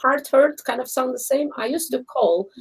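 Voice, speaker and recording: A woman co-hosting a casual live chat stream, telling animated stories, acting out other people's voices and laughing often. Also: high-pitched, moderate pace, breathy edge, low-quality recording.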